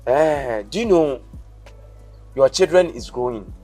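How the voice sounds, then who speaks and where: A man's voice: mid-range voice, animated, takes it slowly, mellow, soft background music. A man playing a blustering Ghanaian husband. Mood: insistent. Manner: blustery, repeats himself, mixes English and Twi. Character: bossy, boastful husband and stepfather. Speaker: comic actor. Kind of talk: comedy skit acting.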